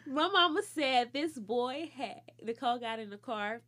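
A woman, telling stories in casual chat, animated and laughing, acting out the people she quotes. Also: high voice, moderate pace.

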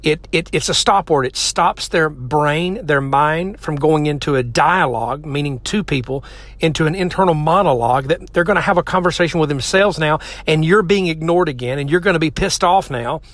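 A man's voice: on the high side, normal speed, a bit bright, dry recording. Earnest man giving relationship advice. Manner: earnest, direct, addresses listeners as men and ladies. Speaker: relationship speaker. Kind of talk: motivational advice talk.

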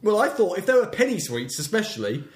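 A man's voice: sits high, sing-song, fast. Male co-host, dry and punny, reading odd local news in an echoey room. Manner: wry, reads stories aloud with puns. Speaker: podcast co-host. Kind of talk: casual comedic chat reading local news.

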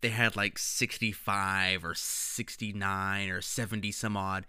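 Thirties guy joking around on a podcast, bright voice, dead dry sound. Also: fairly low pitch, unhurried, clean tone, dry recording. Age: 30s. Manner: joking, animated. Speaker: podcast co-host. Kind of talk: casual chat.

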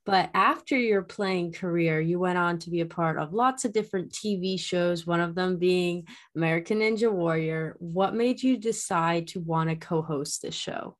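Brief: female interviewer, low-leaning pitch, upbeat and encouraging. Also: moderate pace, hardly any pauses. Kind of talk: interview questions.

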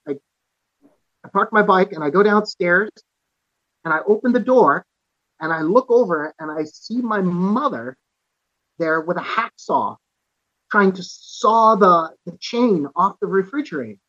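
Earnest storytelling man, slightly high voice. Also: fairly bright tone, no room sound, highs cut off. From Canada. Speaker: podcast guest, author and musician. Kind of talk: personal storytelling in conversation.

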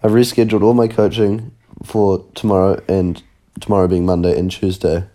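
A young New man co-hosts a podcast while sick, coughing with a sore throat. His voice is low and mellow, and he talks bluntly and casually, swearing as he goes. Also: flat delivery, normal speed. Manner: blunt, swearing, laid-back. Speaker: podcast co-host.

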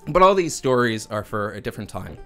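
A man's voice: fairly low pitch, sing-song, brisk, bright, forceful tone, faint music behind. A man narrating a tabletop fantasy game as game master, telling the scene like a storyteller and laughing often.

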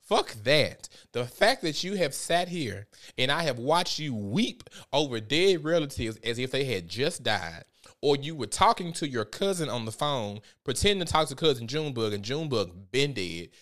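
A man giving casual commentary on a vlog, animated and profane as he tells a story. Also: medium pitch, normal speed. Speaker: vlogger.

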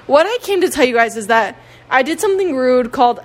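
A nineteen-year-old woman vlogs into her phone at home with her dogs, chatting casually and confessionally in a high, slightly bright voice. She talks very fast with lively intonation, rambling, putting herself down, and filling things with fillers and restarts. A little hiss or hum is audible.

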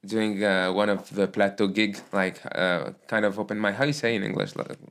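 A man with a lowish voice hosting a relaxed chat in English. His first language is Arabic, and he speaks in halting bursts, stopping to hunt for the right word. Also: gravelly. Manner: halting, searches for English words. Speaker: podcast host. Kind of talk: casual conversation.

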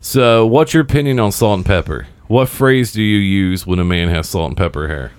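A man's voice: lowish voice, moderate pace, clear, resonant tone, no echo. A man in his thirties hosting a casual chat, rambling and swearing freely, with lots of fillers. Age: 30s. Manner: rambling and profane, with many fillers.

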